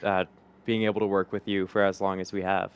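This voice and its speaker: A man's voice: low voice, flat delivery, a little fast, smooth. A man hosting a livestream, reading out viewer messages and thanking supporters in an upbeat way. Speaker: livestream host. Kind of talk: live-stream hosting, reading super chats.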